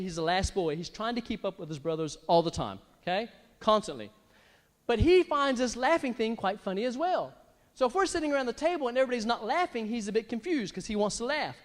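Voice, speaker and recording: A middle-aged man preaching a sermon as pastor, animated and breaking into big exaggerated laughs. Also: extremely high pitch. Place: church hall. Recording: long church hall reverb.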